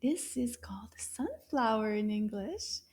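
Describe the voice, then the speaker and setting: Slow, high-voiced woman teaching kids. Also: lively intonation, darkish tone, breathy edge. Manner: sing-song, encouraging, drawn-out syllables. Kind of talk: slow, clear children's lesson with repetition.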